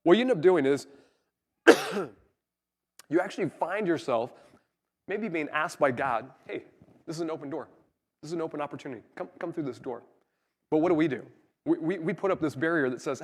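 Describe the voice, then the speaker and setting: A man's voice: a little high, fairly quick. A man preaching a conversational sermon, acting out people's excuses in little voices. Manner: conversational, animated, acts out quoted excuses. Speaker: pastor.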